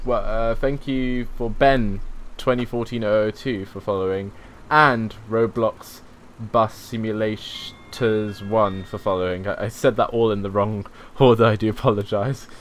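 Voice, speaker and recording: A young man talks through a live gameplay stream in an easygoing, self-mocking way. His voice sits fairly low. Faint engine noise hums behind him. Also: steady tone, unhurried. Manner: chatty, easygoing, laughs at himself. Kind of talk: casual live gameplay commentary.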